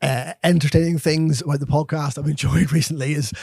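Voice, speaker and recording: A man's voice: fairly high pitch, steady tone, a little fast, creaky, darkish tone, husky, no echo. A man from the audience who politely and somewhat hesitantly puts a question to the hosts. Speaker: audience member asking a question.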